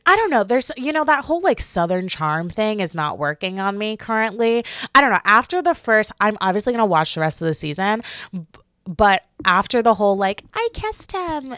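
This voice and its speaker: A young woman hosting a solo podcast, talking in a chatty, animated way with lots of fillers. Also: mid-range voice, normal speed, no room sound, studio quality. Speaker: podcast host. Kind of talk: casual solo podcast chat.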